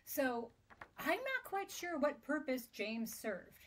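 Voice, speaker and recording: A woman's voice: high voice, very animated, slow. A woman co-hosting a book podcast, chatting casually and reacting expressively, with frequent exclamations and laughter. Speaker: podcast co-host.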